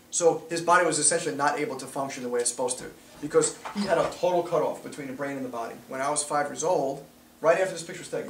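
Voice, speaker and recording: A middle-aged man, a chiropractor telling a story to a small group in an animated, chatty way. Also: mid-range voice, slight background noise. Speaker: chiropractor giving a new patient talk. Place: small office talk room. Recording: echoey room, from a distance.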